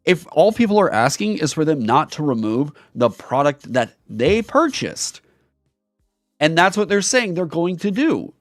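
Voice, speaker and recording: A man's voice: on the high side, sing-song, a little slow, dry recording, clean studio sound. A man on his own channel delivering an angry commentary rant, heated, profane and emphatic. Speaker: YouTuber and streamer.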